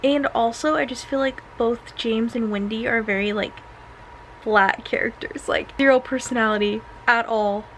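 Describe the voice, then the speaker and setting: A woman's voice: on the high side, fairly even intonation, normal speed, a bit bright, slight background noise, poor audio. A young woman chatting through a casual read-along book review, filler-heavy and full of sarcastic asides.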